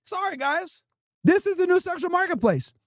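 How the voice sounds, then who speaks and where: Brief: high-pitched man, stream host, blunt profane rants, dry close sound. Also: very animated, normal speed, dry recording. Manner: profane, blunt, emphatic ranting. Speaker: livestream host. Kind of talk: casual streaming rant reacting to clips.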